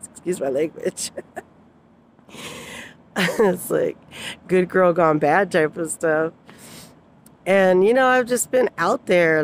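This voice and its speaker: A woman's voice: sits low, a little hiss or hum. A woman telling personal stories in a casual vlog, rambling with many fillers and frequent laughs. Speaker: vlogger.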